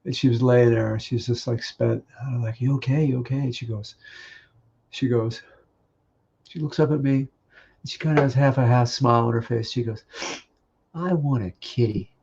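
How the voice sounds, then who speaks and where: A man giving a halting, tearful memorial tribute on a video call, laughing through his grief. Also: medium pitch, steady tone, creaky, a little mellow, breathy edge, muffled recording. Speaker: grieving husband sharing memories.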